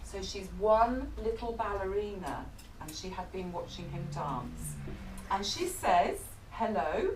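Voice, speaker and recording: A middle-aged English woman reading a picture book aloud to children, animated, stopping to ask them questions. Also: medium pitch, slow pace, a little hiss or hum. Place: bookshop or café event room. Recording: echoey room, distant mic, background chatter.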